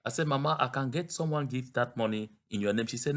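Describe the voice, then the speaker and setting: Man, activist commentator, slow, earnest, solemn address. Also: fairly high pitch, lively intonation. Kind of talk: direct-to-camera address.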